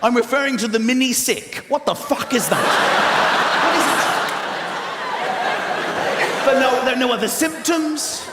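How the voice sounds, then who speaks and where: High, lively British comedian in a hall. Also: male voice, a little slow, pauses often. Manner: animated, exaggerated sound effects and mock voices. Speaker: stand-up comedian. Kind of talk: stand-up comedy set. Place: large theatre stage. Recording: roomy hall with loud crowd and noise.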